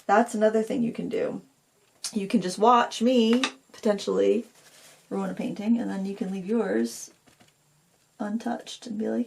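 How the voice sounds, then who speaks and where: A middle-aged woman talks her way through a painting tutorial, chatty and rambling. She pokes fun at herself and speaks straight to her viewers as she works. Her voice sits at an ordinary middle pitch. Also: fairly even intonation, unhurried, creaky, a little mellow. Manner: rambling, self-deprecating, talks to viewers while working.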